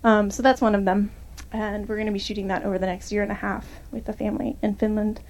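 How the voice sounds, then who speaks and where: A woman's voice: mid-range voice, flat delivery, fast talker, creaky, darkish tone. A young woman filmmaker answering audience questions after a screening, in a chatty way full of fillers and restarts.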